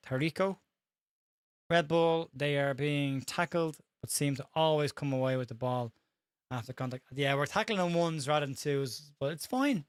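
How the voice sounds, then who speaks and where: A man with an Irish accent calls a live football match in a quick, slightly high voice, tripping over names as he goes. The sound is dry and close, with no room echo. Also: gravelly. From Ireland. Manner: fast-talking, stumbles over names. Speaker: host. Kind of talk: live match watch-along commentary.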